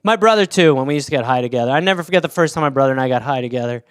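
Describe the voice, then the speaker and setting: A man's voice: medium pitch, animated, very fast, clean tone, no room sound, studio quality. A man hosting a casual solo podcast, rambling through anecdotes with plenty of swearing. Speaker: podcast host.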